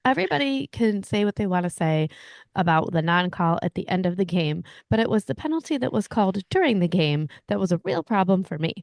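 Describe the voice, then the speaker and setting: Gravelly, low-voiced woman podcast co-host. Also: sing-song, a little fast, a little mellow, no echo, clean studio sound. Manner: wry, guarded and matter-of-fact. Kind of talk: casual chat.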